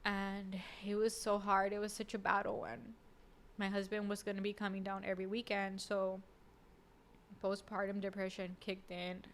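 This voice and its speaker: A woman as a podcast guest, telling a personal story in an emotional, halting way with many fillers and restarts. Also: medium pitch, completely flat delivery, slight background noise. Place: podcast studio.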